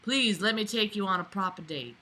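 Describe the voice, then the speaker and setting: A woman's voice: mid-range voice, lively intonation, brisk, bright, forceful tone. A woman reading the lines of an older man courting a young waitress, in her everyday voice. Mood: pleading. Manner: plain read-aloud dialogue.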